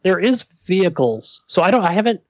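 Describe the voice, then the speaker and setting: A man co-hosting a podcast with a slightly high voice, rambling eagerly through casual talk with plenty of ums. The sound is dry and close, with no room around it. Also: big pitch swings, fairly quick, no room sound. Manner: enthusiastic, rambling, filler-heavy. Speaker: podcast co-host. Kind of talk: casual chat.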